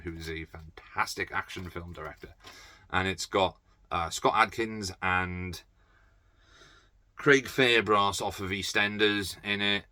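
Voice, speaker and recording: A man with a very low voice that still cuts through with a bright, forceful edge. He rambles casually about films, blunt and sweary, dropping plenty of ums and uhs. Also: dry recording. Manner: blunt, sweary, off-the-cuff with many fillers. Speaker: movie collector vlogger.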